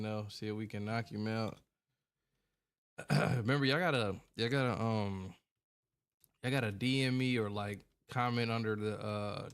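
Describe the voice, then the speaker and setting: Laid-back low-voiced man chatting to stream chat. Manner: laid-back, greets chat by name, colloquial. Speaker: gaming streamer. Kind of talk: casual late-night livestream chat.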